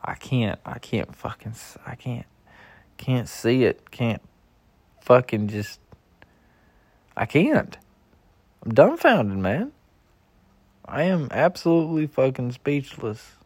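Young man ranting, slow drawl, heavy swearing, dry close-miked sound. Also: mid-range voice, sing-song, darkish tone, slightly rough, dry recording. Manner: heavy swearing, griping and exasperated. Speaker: husband venting. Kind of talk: profane personal rant.

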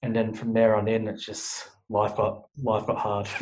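A man's voice: lowish voice, completely flat delivery, unhurried, a little mellow, slight background noise, rough recording. A young man talking frankly as an interview guest, swearing often and restarting his sentences. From Australia. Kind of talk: candid interview talk.

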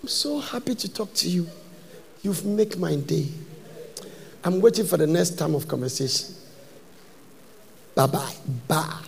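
A man's voice: fairly high pitch, lively intonation, a little slow, creaky, long pauses. A man doing a cooing phone flirt. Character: sweet-talking woman flirting on the phone.

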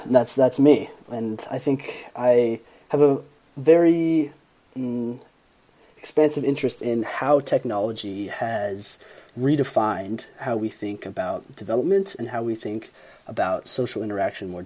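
Mellow-voiced young man co-hosting a podcast. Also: lowish voice. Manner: earnest, academic explaining with hesitations. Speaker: podcast co-host. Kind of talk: casual podcast chat.

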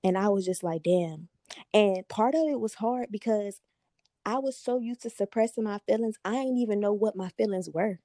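A young woman hosting a podcast, telling a personal story in a candid, profane, animated way. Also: medium pitch, moderate pace, no echo, clean studio sound. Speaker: podcast host. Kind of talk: casual storytelling chat.

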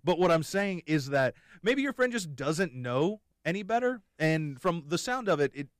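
Rambling, jokey young man, smooth dry voice. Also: a little high, very animated, normal speed, dry recording. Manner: rambling, jokey, many restarts. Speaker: podcast host. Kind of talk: casual chat.

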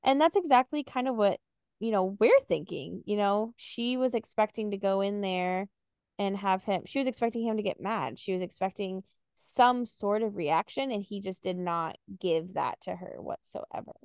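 A woman's voice: medium pitch, moderate pace, a little mellow, smooth, dry recording, studio quality. Podcast woman reading a novel aloud. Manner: recaps and reads passages aloud with fillers. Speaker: podcast co-host.

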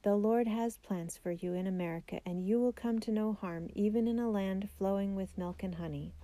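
A woman's voice: mid-range voice, moderate pace, dark tone, no room sound, natural voice. A woman reading as a devout old rabbi uncle. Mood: blessing.

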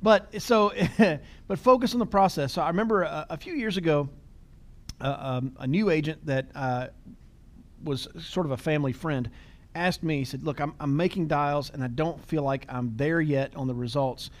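Casual male podcast host, slightly high voice. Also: normal speed. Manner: laughs easily, storytelling with quoted dialogue.

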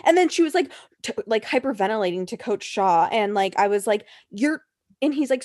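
A woman's voice: medium pitch, expressive, fairly quick, darkish tone. A woman co-hosting a casual chat, ranting heatedly and profanely with mocking quotes.

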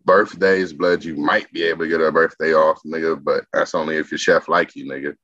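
Man, deep, husky, slangy animated storytelling, dry dull lo-fi sound. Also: fairly quick. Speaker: executive chef, podcast guest. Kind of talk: casual interview chat. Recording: dull lo-fi podcast audio.

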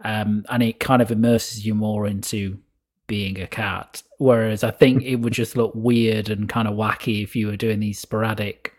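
Soft-spoken man, low voice. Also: little pitch movement, normal speed. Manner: hesitant, lots of ums, trails off quietly. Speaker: podcast co-host. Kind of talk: casual chat about a game.

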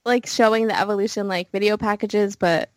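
A young woman co-hosting a casual wrestling chat, relaxed and easygoing, hedging with fillers. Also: mid-range voice, fairly quick, no echo. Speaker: podcast co-host.

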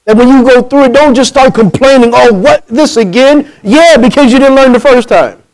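On a rough recording, a New Jersey man with a very high voice preaches a little fast as pastor, alternating loud punchy bursts with quiet, intimate pleas. He calls for amens and acts out dialogue.

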